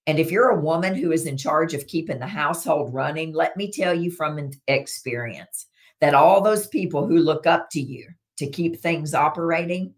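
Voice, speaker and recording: Low-pitched middle-aged lady chatting on a wellness live stream, earnest, talks to viewers. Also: moderate pace. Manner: earnest, conversational, drops her voice on key points. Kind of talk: live-stream chat, reading viewer comments.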